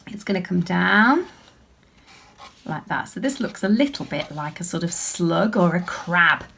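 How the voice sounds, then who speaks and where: A woman, an author and illustrator, chatting warmly and encouragingly to children as she draws along with them. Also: lowish voice, a little slow, creaky, slight background noise. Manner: chatty and encouraging, talking while drawing. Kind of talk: draw-along lesson for children.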